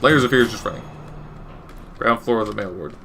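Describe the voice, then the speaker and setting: A man's voice: fairly low pitch, fairly quick, vocal fry, sharp tone, slight background noise. Man giving wry, rambling game commentary. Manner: rambling, wry, self-correcting. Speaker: gaming commentator. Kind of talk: casual gameplay commentary.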